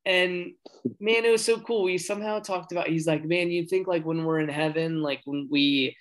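A man telling a story in casual chat, earnest and rambling, getting excited as he talks. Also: sits high, normal speed. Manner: earnest, excitable when talking faith; rambling with many fillers and restarts.

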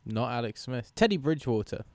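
A man's voice: mid-range voice, very animated, brisk, no room sound. A man co-hosting a casual sports podcast, opinionated and jokey as he argues his picks with stats. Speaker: podcast co-host.

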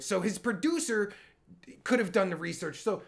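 A man's voice: high-pitched, lively intonation, moderate pace, creaky. A man hosting a live-streamed reaction show, sarcastic and stammering, swearing constantly as he rants. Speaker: podcast host reacting to a clip. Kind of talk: angry profane reaction commentary.

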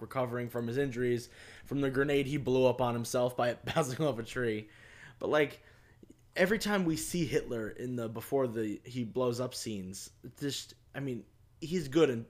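A man's voice: mid-range voice, normal speed. A man rambling casually on a podcast about a film, with lots of fillers. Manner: rambling, filler-heavy, laughing. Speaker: podcast co-host.

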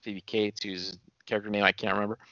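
Male co-host, dry plot recapper, bright voice, muffled lo-fi sound. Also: fairly low pitch, flat delivery, quick pace, vocal fry. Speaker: podcast co-host. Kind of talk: casual movie chat.

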